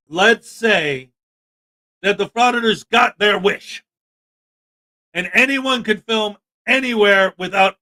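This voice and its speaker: A man's voice: very high voice, sharp tone. A man hosting a livestream, talking in an indignant, emphatic rant and reading out chat. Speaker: livestream host. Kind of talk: livestream commentary.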